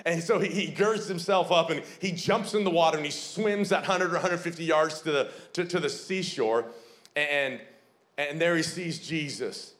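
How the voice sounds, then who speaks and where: A man's voice: fairly high pitch, moderate pace, a bit bright. A man preaching a sermon as a pastor, fervent and emphatic. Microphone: streamed online sermon.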